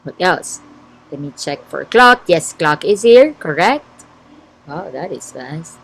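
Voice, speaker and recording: A woman's voice: sits low, animated, slow, husky, low-quality recording. A woman with a Filipino English accent, teaching an online class and reading out and checking her students' answers in a word game. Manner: checks answers aloud, encouraging.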